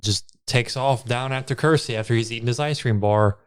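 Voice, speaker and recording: A man's voice: mid-range voice, a little fast, clear, resonant tone. A man co-hosting a casual movie review podcast, retelling scenes in a laid-back, profane way. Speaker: podcast co-host.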